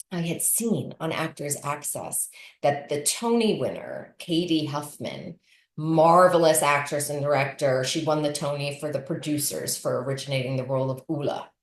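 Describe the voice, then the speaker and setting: A woman in her forties talks through her acting career on a video call, her low voice leaping up when she gets excited. The room around her is echoey. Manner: animated storyteller, bursts of laughter and big pitch jumps. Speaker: guest actor and dialect coach. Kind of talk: casual interview storytelling.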